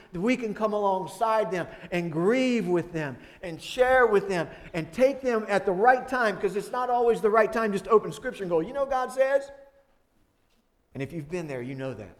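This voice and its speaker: Guy preaching, kinda high voice, gets loud acting out prayers then goes quiet and soft. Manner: animated, rising loud when acting out prayers and dialogue, dropping soft for grief. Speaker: pastor. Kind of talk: sermon.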